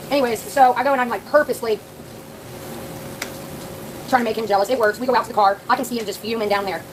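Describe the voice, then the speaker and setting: Fast-talking blunt woman streamer. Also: a little high, background noise. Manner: blunt, profane, talks straight to chat. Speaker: live streamer. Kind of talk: casual live-stream storytelling.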